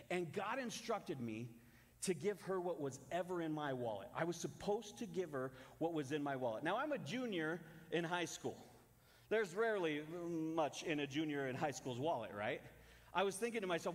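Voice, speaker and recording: A young man preaches with earnest warmth of conviction, slipping in wry self-deprecating asides as he tells a personal story. His voice sits a bit high for a man, and a long reverb trails each phrase through the church hall. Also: expressive, a little fast. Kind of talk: sermon.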